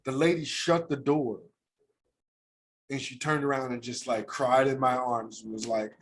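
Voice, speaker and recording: A man's voice: mid-range voice, fairly even intonation, a little slow, a little hiss or hum. Man, American accent, co-host, casual slangy storytelling, heartfelt. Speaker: podcast co-host.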